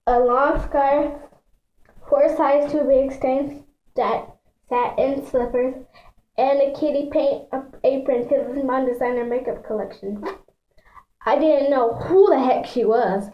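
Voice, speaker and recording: A woman's voice: high voice, reverberant, lo-fi sound. A woman reading a children's book aloud in a chatty way, stumbling over words and adding asides for her listeners. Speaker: reader.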